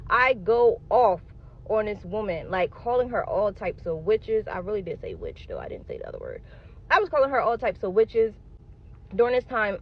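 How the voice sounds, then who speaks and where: A woman telling her own story to viewers in a casual, animated storytime, calling them y'all and honey. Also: mid-range voice, slight background noise.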